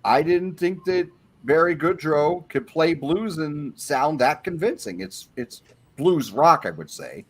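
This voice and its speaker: A man's voice: fairly high pitch, lively intonation, a little slow, slightly rough. A man on a panel, going through an album track by track and giving his opinions in a casual way.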